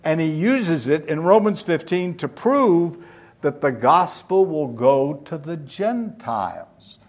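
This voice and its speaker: Male preacher, unhurried delivery, teaching tone, asks the listeners questions. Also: fairly high pitch, animated. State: out of breath. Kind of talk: sermon.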